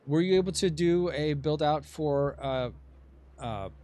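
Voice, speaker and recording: A man's voice: fairly high pitch, unhurried, dark tone. A man hosting a casual board game playtest, chatting and checking the rules aloud. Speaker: game host.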